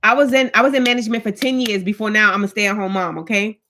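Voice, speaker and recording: A woman's voice: medium pitch, quick pace. Woman, thirties, live-stream host; direct, hard-edged casual talk. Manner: talks with her hands, blunt and animated, reads viewer comments. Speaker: vlogger, stay-at-home mom. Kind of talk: casual live chat with viewers.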